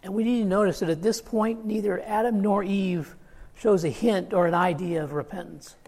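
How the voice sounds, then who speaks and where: A man's voice: high-pitched, steady tone, moderate pace, darkish tone, long reverb tail. A man preaching a sermon, earnest and emphatic, quoting scripture as he goes.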